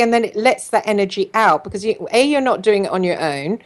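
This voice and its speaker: A woman psychotherapist hosting a show, telling stories in a casual, rambling way with many pauses and restarts. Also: medium pitch, animated. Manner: storytelling, many ums and restarts. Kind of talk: casual group chat.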